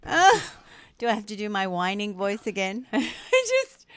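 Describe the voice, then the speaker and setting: A woman's voice: medium pitch, expressive, normal speed, a bit bright, clear, resonant tone, dry recording. A woman co-hosting a casual podcast, asking hesitant, plaintive questions.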